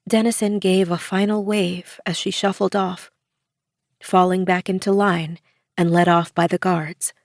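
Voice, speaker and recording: Woman, audiobook narrator, slow and measured, dry close sound. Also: on the low side, little pitch movement, no echo.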